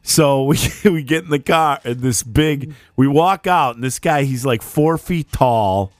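A man's voice: mid-range voice, a little slow, no room sound. Man telling a story, dry close sound. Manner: animated, profane, laughing. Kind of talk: casual storytelling.

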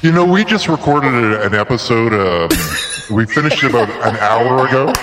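A man's voice: medium pitch, animated, moderate pace, over a noisy crowd. A man guest on a podcast, explaining things in an amused, casual way. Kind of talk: casual chat. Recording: echoey room with long reverb.

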